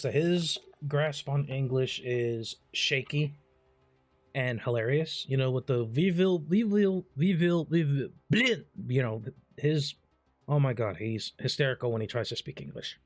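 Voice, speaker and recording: A man's voice: medium pitch, moderate pace, faint music behind. A man casually commenting on his gameplay, swearing often and telling stories with lots of energy. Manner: profane, animated storytelling. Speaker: gaming streamer.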